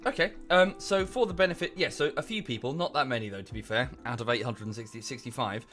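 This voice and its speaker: A man's voice: medium pitch, a little fast, fairly bright tone, faint music behind. A man streaming from home in a casual, rambling chat, a bit out of breath. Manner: chatty, rambling with many fillers. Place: home room.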